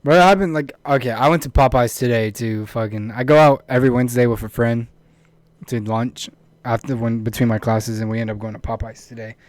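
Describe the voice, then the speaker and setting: A young man co-hosting a podcast, telling stories in animated, blunt casual chat and swearing often. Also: medium pitch, fairly quick, dry recording. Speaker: podcast co-host.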